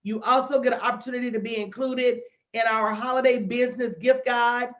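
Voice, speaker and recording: A woman business coach hosting a livestream, brash and animated, talking straight to her viewers. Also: a little high, fairly quick, muffled recording. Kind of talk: livestream promo chat.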